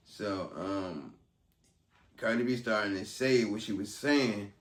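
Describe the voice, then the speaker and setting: A man with a low voice talks through events in a casual, rambling way, leaning on ums. He sits back from the mic, so the room rings around him. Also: a little slow, fairly bright tone. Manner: loose and conversational, full of ums. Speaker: vlogger recapping a court trial. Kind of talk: casual commentary. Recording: roomy sound, distant from mic.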